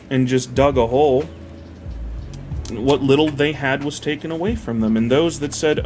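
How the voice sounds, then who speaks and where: Speaking at a moderate pace, a man with a fairly high, animated, slightly mellow voice chats as he builds a model, with faint music in the background. He retells a parable in a rambling, profane way, repeatedly losing his thread to the build.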